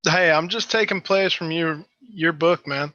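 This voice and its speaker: A man's voice: a little high, bright, forceful tone, no room sound. Easygoing man on dull, dry audio. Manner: easygoing, earnest, halting with fillers. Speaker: guest. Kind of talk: casual chat.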